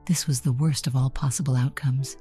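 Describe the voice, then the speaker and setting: Low, dark-voiced woman narrating a story. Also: fairly even intonation, a little fast, husky, faint music behind. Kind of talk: first-person scripted story narration.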